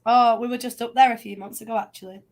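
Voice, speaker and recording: A woman's voice: a little high, fairly even intonation, quick pace. A woman with a Yorkshire accent, a guest in a casual chat, easygoing and laughing often. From Yorkshire, England. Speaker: guest psychic medium.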